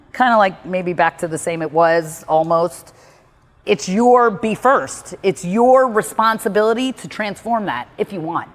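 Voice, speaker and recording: Blunt woman coaching with hall reverb. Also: medium pitch. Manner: blunt and emphatic, swears freely. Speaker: personal growth speaker coaching a listener. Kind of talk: candid one-on-one advice talk.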